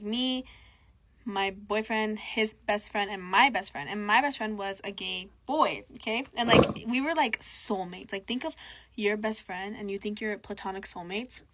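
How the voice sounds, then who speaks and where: A young woman tells a personal story in quick, gushing bursts. She talks in a chatty manner, piling on asides and filler as she goes. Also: mid-range voice, a bit bright, no echo, low-quality recording. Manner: rushed, chatty, full of likes and asides. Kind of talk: casual storytime monologue.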